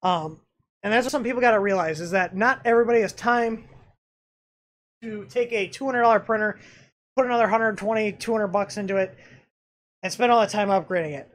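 A man's voice: high-pitched, fairly quick, long pauses, a bit bright. A man hosting a casual live-stream review of a 3D printer, talking in a rambling way with lots of "um"s and restarts. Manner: rambling, filler-heavy, frequent restarts. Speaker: channel host reviewing a 3D printer.

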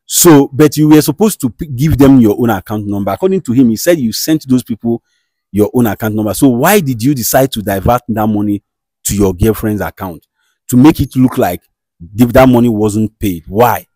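A man with a Nigerian accent acting as a show host who calmly mediates a dispute and questions firmly. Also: mid-range voice, moderate pace, no echo, lightly acted. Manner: soothing, repeats "calm down", firm questioning. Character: male show host, calm and commanding mediator. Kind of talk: comedy skit acting.

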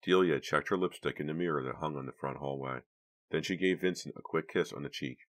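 A man narrating an audiobook in steady, measured scripted narration. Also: extremely low pitch.

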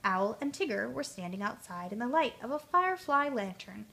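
Woman, storyteller, children's storybook read aloud, expressive, higher pitch. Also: moderate pace, creaky.

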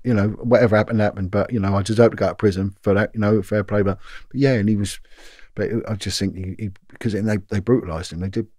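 A man's voice: on the low side, quick pace, no echo, clean studio sound. A middle-aged man, a former detective telling long anecdotes in an interview, full of fillers and restarts. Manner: animated anecdotes with many fillers and repeats. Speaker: former police detective, guest. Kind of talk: storytelling interview.

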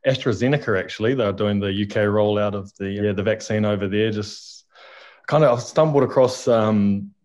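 A man's voice: lowish voice, normal speed, darkish tone. A New Zealand man in his thirties, a podcast guest talking reflectively, hesitating with ums. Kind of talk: casual interview chat.

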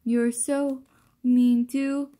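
A woman voicing a hurt drawn character who speaks slowly and reproachfully. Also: fairly high pitch, flat delivery, warm tone.

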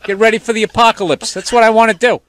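Man, comedian guest, animated storytelling, swearing, slightly high voice. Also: fast talker. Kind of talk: talk show storytelling.

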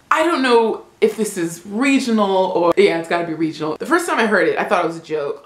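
A woman's voice: on the low side, brisk. Young American woman, travel vlogger, playful and bouncy, laughs a lot, echoey room. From United States. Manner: animated, playful, laughs often. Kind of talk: casual comedic vlog.

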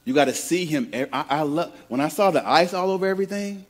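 A man's voice: fairly high pitch, expressive, quick pace. Man preaching with stammered repeats. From Midwest of the United States. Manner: conversational preaching with repeated words and call-and-response prompts. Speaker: pastor. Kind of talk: sermon.

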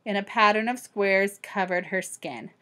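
A woman reading a children's picture book aloud expressively and pausing to ask listeners questions. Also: medium pitch, pushed and bright. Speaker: storybook reader for children.

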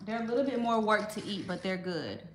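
A woman's voice: mid-range voice, expressive, fairly quick. A young woman hosts a casual live-stream vlog, chatting and greeting viewers by name. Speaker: vlog host. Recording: noticeable background noise.

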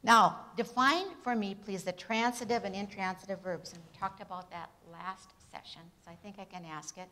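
Fairly quick and barely pausing, a woman with a fairly low pitch and a steady tone lectures a Bible institute class on English grammar. She asks the students questions, answers them herself via tag questions, and reads example sentences with pronounced emphasis.

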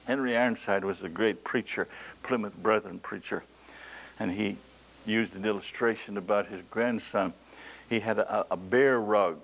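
A man preaches a sermon, dramatically telling stories and reading scripture aloud in old King James wording, his voice climbing for emphasis. His mid-range voice is gravelly and fairly bright, at a normal pace, on a rough recording.

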